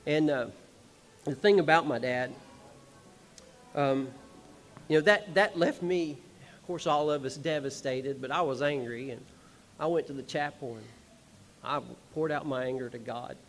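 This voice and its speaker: A man with a lilt tells a family story from a concert stage through a microphone. His voice sits a little high for a man, and he rambles warmly and chuckles now and then. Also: measured pace, soft background music. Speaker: son of the honored musician, speaking at a tribute show. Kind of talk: personal stage speech.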